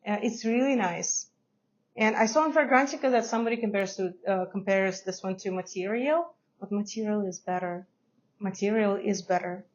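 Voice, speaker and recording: A woman who isn't a native English speaker chats to the camera about fragrances, hesitant and laughing often. Her voice is medium-pitched and moderately paced, and the lo-fi recording has slight background noise.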